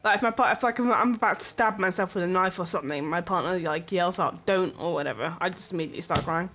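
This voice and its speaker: A streamer from England talks in a loose, rambling way, with plenty of filler words and little laughs. The voice sits at a middle pitch. Quiet game music plays faintly underneath. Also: fast. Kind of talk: casual stream chat.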